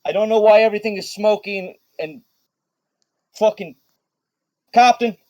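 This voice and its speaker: A man's voice: medium pitch, lively intonation, fairly quick, no room sound, highs cut off, natural voice. A man voicing a wobbly, flustered male shipmate who stammers and repeats himself.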